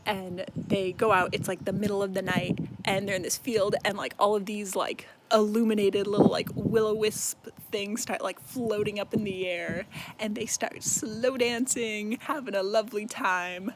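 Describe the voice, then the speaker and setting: A man's voice: high-pitched, steady tone, moderate pace, background noise. Sweary, rambling young man recapping a book. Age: young adult. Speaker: book video host.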